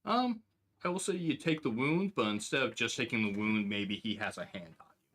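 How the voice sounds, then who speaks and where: A man's voice: mid-range voice, lively intonation, moderate pace, fairly bright tone. Playful, teasing man running a game. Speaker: game master. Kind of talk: narrating a tabletop game.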